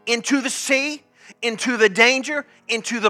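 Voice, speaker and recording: A male pastor preaching a sermon with animated storytelling and frequent laughs. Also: extremely high pitch, moderate pace. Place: church service.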